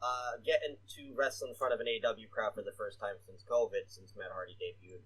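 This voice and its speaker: A man's voice: on the low side, fairly even intonation, fast, a bit bright, breathy edge, rough recording. A man co-hosting a casual podcast, rambling with lots of "uh" fillers and casual swearing. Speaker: podcast co-host. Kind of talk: casual wrestling podcast chat.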